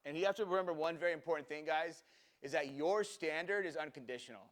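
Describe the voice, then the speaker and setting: Animated man teaching a seminar. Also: fairly high pitch, fast. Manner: animated, acts out dialogue, many "right?" tag questions. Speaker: restaurant consultant and trainer. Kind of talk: energetic seminar talk to an audience.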